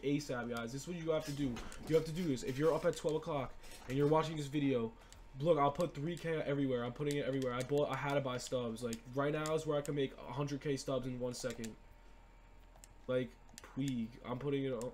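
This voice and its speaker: A young man giving excited, slangy gameplay commentary as a gaming YouTuber, repeating himself often. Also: medium pitch, fast, a little hiss or hum. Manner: hyped, repetitive, slangy.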